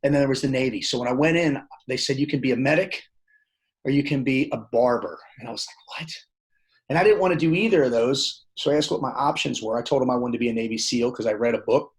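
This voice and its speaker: A man's voice: mid-range voice, quick pace, poor audio. A man telling his own story as a podcast guest, loose and plainspoken, acting out the lines of the people in it. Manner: animated, acts out quoted dialogue; plainspoken, loose phrasing with restarts. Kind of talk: casual storytelling interview.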